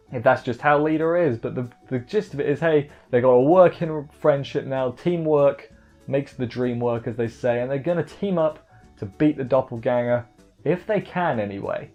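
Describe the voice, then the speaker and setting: A man recapping an anime episode in casual chat, joking and rambling with quick asides. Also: medium pitch, muffled recording. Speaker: anime reviewer.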